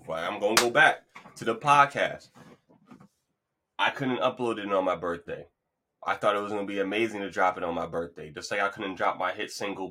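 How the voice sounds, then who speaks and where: Bright-voiced man hosting a loose podcast. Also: sits low. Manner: loose, rambling, motivational; playful, hypes up an imagined crowd. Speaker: podcast host. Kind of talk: casual solo monologue.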